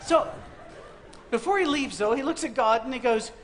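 Guy preaching a jokey sermon, high voice, does little voices for the people in the story, bit of background hiss. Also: normal speed, a faint crowd. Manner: comic storytelling, acting out voices. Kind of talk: humorous sermon. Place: university auditorium.

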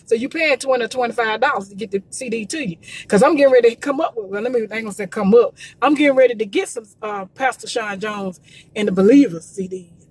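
A woman's voice: a little high, slightly rough, no room sound. A woman promoting gospel music in a casual livestream, urging listeners with emphatic, repetitive preachy calls.

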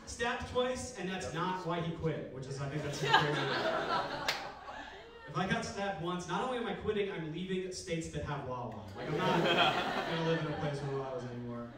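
A young man doing deadpan stand-up, talking in a halting way with lots of fillers. His voice sits a little high. The club sound is very echoey and comes from a distance, with loud noise underneath. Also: over a noisy crowd. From Philadelphia. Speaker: stand-up comedian. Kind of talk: stand-up set. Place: comedy club stage. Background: audience laughter.

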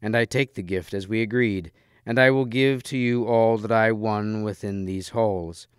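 A man's voice: on the low side, fairly even intonation, normal speed, smooth, no echo, studio quality, lightly acted. A man voicing a courteous young knight. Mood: earnest courtesy. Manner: earnest, formal old-fashioned speech.

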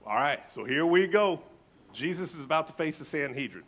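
A male pastor delivers a sermon with emphatic, dramatic readings of scripture. His voice sits fairly high and has a husky edge. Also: lively intonation, brisk, fairly bright tone.

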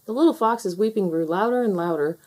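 A woman reading a children's picture book aloud with gentle, expressive storytelling. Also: medium pitch, fairly quick. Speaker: storybook reader.

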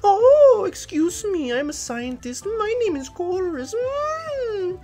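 A woman voicing an eccentric, curious male scientist in a game, talking formally and humming drawn-out "hmm"s. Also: big pitch swings, warm tone, full character voice. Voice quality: high, airy voice with drawn-out hums. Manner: polite, formal and ponderous.

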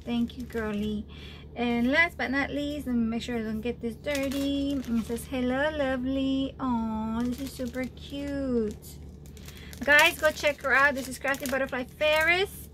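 A woman chatting casually while opening mail on a home craft vlog, gushing and excitable with frequent exclamations. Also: high-pitched, normal speed, a little hiss or hum. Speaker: craft vlogger opening birthday challenge mail. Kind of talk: casual unboxing chat.

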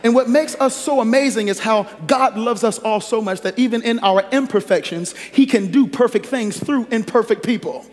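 A pastor preaching a sermon and reading scripture, with lively call-and-response that teases the congregation. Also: male voice, very high-pitched, moderate pace, few pauses. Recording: echoey hall reverb.

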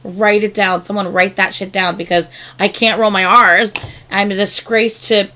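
A woman hosting a reaction video, chatting casually and gushing excitedly with lots of fillers. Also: medium pitch, moderate pace.

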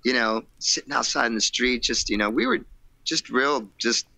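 A man with a low, gravelly voice and a bright, forceful edge tells stories from his band's early days in a loose, animated way. He slips into the voices of people he quotes and laughs often. The sound is dry and close. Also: normal speed, dry recording. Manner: animated storyteller acting out quotes, laughing, swearing. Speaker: rock singer, guest. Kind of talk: storytelling in a casual interview.

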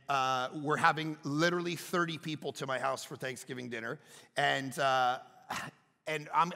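A middle-aged male pastor, preaching a sermon with animated storytelling and loud bursts of self-mocking humor. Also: a little high, creaky. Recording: reverberant hall.

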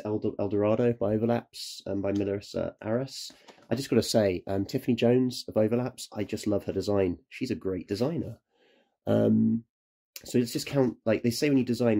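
A man's voice: lowish voice, creaky, warm tone, slightly rough. A man who is ill, chatting casually through a how-to vlog as a photographer, rambling and correcting himself. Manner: rambling, self-correcting, apologetic. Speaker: photographer and self-publisher.

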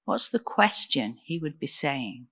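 A woman deacon preaching a sermon in an earnest, measured way, asking the congregation questions. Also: low-pitched, big pitch swings, bright, forceful tone, slightly rough, big-room sound. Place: church.

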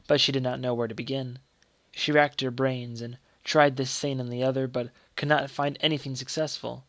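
Male reader, measured storybook narration; mid pitch, dry close sound. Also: no echo. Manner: steady, measured reading.

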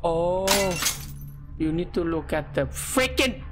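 Excitable guy doing horror game commentary, non-native english, lots of swearing and jumpy yelps. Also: a little high, a little slow, rough recording. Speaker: gaming YouTuber. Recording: loud game music behind.

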